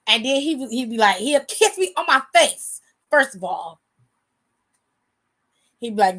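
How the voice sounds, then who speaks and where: A woman co-hosting a show aftershow in casual chat, animated and profane, often laughing as she talks. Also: sits high, measured pace, long pauses. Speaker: aftershow co-host.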